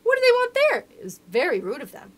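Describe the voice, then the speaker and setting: A woman reads aloud as a sweet young princess with a high, lively, breathless voice that leaps around in pitch. She sounds eager and trusting, the way a storybook princess talks. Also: fast talker, heavily acted.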